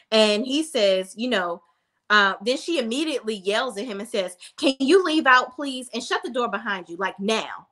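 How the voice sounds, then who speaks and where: Woman reviewer, blunt and profane, casual rant; highish, bright voice. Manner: blunt, profane, talks straight at the viewer. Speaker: reality TV reviewer.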